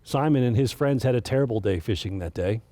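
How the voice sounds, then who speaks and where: A man's voice: medium pitch, fast, dark tone. Earnest man telling a sermon story. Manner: casual and earnest, with many restarts and stumbles. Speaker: director of children's ministry giving the message.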